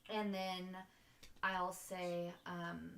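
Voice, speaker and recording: A woman player in a tabletop game, describing her character's actions with hesitant pauses. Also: on the low side, little pitch movement, vocal fry, fairly bright tone, echoey room, slight background noise. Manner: hesitant, many ums.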